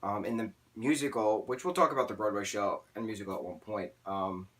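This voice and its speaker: A man's voice: on the low side, fairly quick, fairly bright tone. A man reviewing a TV season in a casual vlog, rambling through tangents and filler words, openly emotional. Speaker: TV show reviewer.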